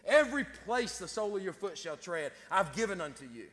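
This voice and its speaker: High-voiced preacher in a reverberant hall. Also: male voice, sing-song, brisk, a bit bright. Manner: folksy, repeats words, Southern-style grammar. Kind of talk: sermon. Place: church sanctuary.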